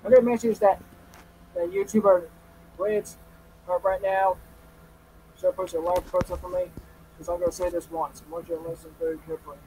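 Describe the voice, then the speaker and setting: High-voiced man who keeps stuttering. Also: little pitch movement, a little fast, long pauses, mellow, slight background noise, poor audio. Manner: stuttering, repeats words. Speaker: YouTuber in a played clip. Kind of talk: casual vlog talk.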